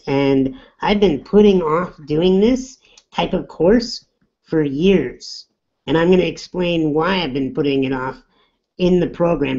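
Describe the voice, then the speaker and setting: A man's voice: on the high side, a little mellow. A middle-aged man hosting a webinar, chatty and upbeat, greeting people by name as they join. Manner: upbeat, chatty, reads out names. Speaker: webinar host. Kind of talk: casual webinar welcome. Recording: dull lo-fi web audio.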